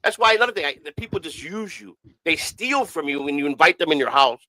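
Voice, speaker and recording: Man, quick rambling storyteller, swears constantly, middle pitch, dry close sound. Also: sing-song, sharp tone, dry recording, rough recording. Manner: profane, rambling, repeats himself. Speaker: podcast host. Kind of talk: casual storytelling.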